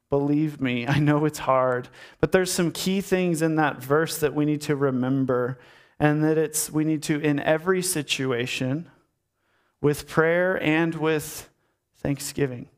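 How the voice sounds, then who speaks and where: Man, pastor, sermon, fairly high voice, earnest, repeated rhetorical questions. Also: moderate pace.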